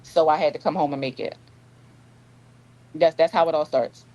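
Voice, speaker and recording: Woman, lowish voice, animated storyteller, casual interview chat. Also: normal speed, highs cut off. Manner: animated storyteller, acts out dialogue. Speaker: author guest.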